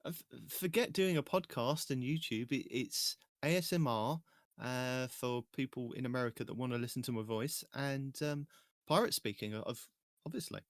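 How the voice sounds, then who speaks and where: A man's voice: medium pitch, moderate pace, no echo. A British man hosting a podcast in playful, teasing casual banter. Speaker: podcast host.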